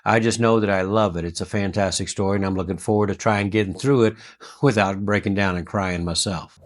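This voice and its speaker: A male host narrating a heartfelt story in a slow, earnest, folksy way. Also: lowish voice, steady tone, slight background noise.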